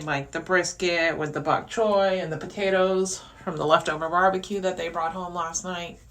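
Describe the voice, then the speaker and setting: Her pitch fairly low and her tone fairly bright, this woman hosts a podcast and unloads in a meandering, exasperated monologue. Restarts crop up all through her casual venting.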